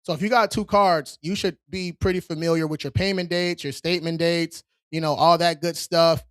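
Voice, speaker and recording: Man, somewhat high voice, smooth crisp tone, dry close sound, casual livestream host answering chat. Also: fairly even intonation, moderate pace, no echo. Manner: casual, streetwise, reads chat questions aloud and answers directly. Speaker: credit repair livestream host. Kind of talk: casual live-stream Q&A.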